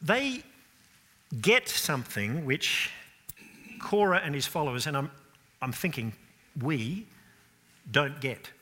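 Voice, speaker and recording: A male preacher delivers an earnest sermon, pressing his listeners with rhetorical questions. His voice is bright and forceful. A long church reverb trails each phrase. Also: on the high side, animated, slow, pauses often.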